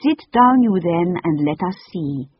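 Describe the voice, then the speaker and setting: A reader voicing a tall, tearful, excitable French woman who speaks high and slow, in broken English with a French accent. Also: husky, no room sound. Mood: gushing. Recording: dull lo-fi audiobook recording.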